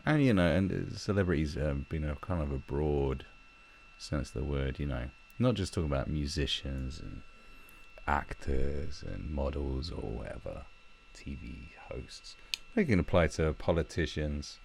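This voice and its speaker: A man's voice: a bass voice, wildly swooping pitch, a little slow, vocal fry, a little mellow, a little hiss or hum. A man hosting a livestream, ranting bluntly and mockingly, with plenty of swearing. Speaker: livestream commentary host. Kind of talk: casual ranting commentary.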